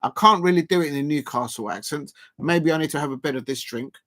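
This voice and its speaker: A man streams a football match from home and talks his viewers through it between bites of food. His speech meanders, full of fillers and half-finished restarts, in a voice pitched slightly high for a man. The tone stays loose and unscripted throughout. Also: fast, fairly bright tone. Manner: rambling, many fillers and restarts; chats to viewers while eating. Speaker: football watch-along streamer. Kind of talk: casual live-stream chat.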